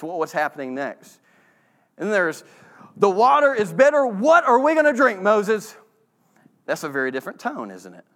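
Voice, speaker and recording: A man's voice: fairly high pitch, a bit bright. A man preaching a folksy, humorous sermon. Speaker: pastor.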